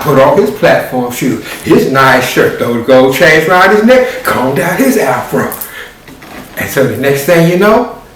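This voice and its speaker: A man telling a story live, animated and rhythmic with spoken sound effects. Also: mid-range voice, slight background noise. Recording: very echoey room, distant mic.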